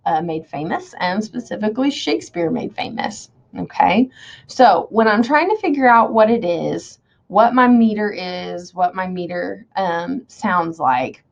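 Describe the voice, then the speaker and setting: A woman teacher walks through a lesson, explaining each step and checking in with "okay?" as she goes. She reads lines of verse slowly, sounding out each beat. The audio is dull and lo-fi. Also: fairly low pitch, vocal fry. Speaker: English teacher. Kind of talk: recorded online lecture.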